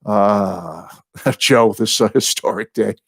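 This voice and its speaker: Older man, excitable and rambling, dry close sound, live chat with viewers. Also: lowish voice, slow pace, vocal fry, slightly rough, no room sound. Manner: rambling, excitable, apologizes for going off on tangents. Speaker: host of a music fan channel.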